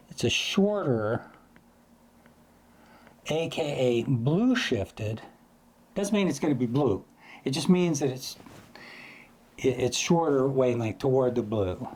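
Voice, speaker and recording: A man's voice: medium pitch, animated, slow, long pauses, a little mellow. A man teaching astrophotography in a loose, chatty way, sometimes imitating sounds to make a point. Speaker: astrophotography educator. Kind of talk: casual explanatory lesson.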